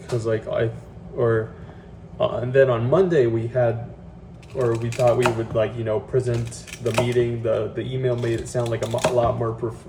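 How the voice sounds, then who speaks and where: A man venting in a casual vlog while cooking in his kitchen, rambling with lots of fillers, restarts and swearing. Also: medium pitch. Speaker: vlogger. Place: home kitchen, cooking at the stove. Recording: distant phone mic with clear tap-water noise.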